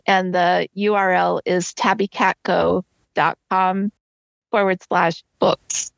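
Creaky woman author on a dull line. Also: mid-range voice, no room sound. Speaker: author guest. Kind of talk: interview answer.

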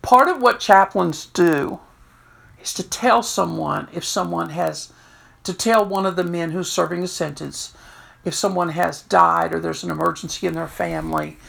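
A middle-aged woman with a deeply gravelly, creaky voice tells stories as a prison chaplain. She is animated and leaps up in pitch whenever she quotes herself or others. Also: moderate pace. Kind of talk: storytelling talk.

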